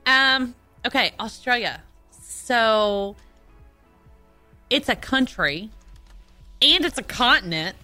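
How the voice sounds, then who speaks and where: Woman co-host, bright, crisp voice, dry quick quips, faint music under. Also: on the high side, expressive, no room sound. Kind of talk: casual chat.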